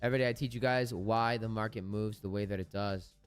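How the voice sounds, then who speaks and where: A man's voice: on the low side, fairly even intonation, fairly quick, clean tone. A man hosting a live stream, chatting casually and bluntly with his viewers and swearing freely. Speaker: live-stream trading host.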